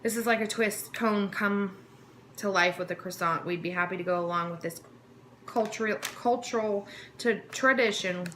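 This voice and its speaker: Casting: a bright, clear-toned woman snack vlogger who reads product blurbs aloud and trips over words. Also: medium pitch, moderate pace, a little hiss or hum. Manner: stumbles over words while reading, talks with mouth full. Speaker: vlogger reviewing a snack box. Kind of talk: casual chat, reading card text aloud.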